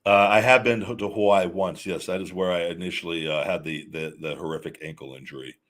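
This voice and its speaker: Fielding viewer chat questions on his livestream, this podcast host speaks in a low, slightly bright voice at a brisk clip with fairly even intonation. His talk is casual and rambling, full of repeated words and restarts.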